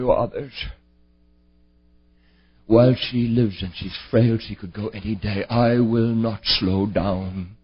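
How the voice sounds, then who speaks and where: A fervent father, grieving and defiant, his voice dropping low and husky as he refuses to back down, as a preacher acts him out. The recording is dull and lo-fi. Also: exaggerated voice. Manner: intense, defiant. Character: fervent middle-aged father, grieving and determined.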